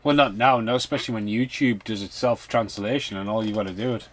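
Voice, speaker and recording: A man's voice: fairly low pitch, steady tone, quick pace. A man co-hosting a casual film commentary podcast, talking loosely with fillers and the odd swear word. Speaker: podcast co-host.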